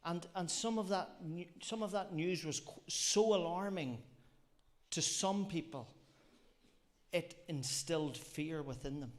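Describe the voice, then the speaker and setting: A man preaching a sermon, earnest and reflective, often repeating phrases and asking rhetorical questions. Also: fairly high pitch. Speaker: lay preacher.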